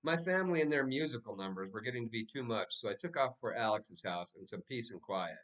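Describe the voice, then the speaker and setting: A man reading a children's novel aloud as the narrator, with lively, expressive storytelling. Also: mid-range voice, quick pace, muffled recording. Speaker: audiobook narrator. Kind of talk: scripted narration.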